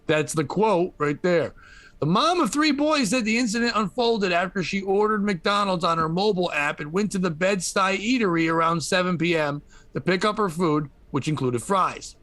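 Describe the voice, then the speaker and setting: A man hosting a comedy podcast, retelling a news story with animated, profane storytelling. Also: sits high, no room sound. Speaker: podcast host.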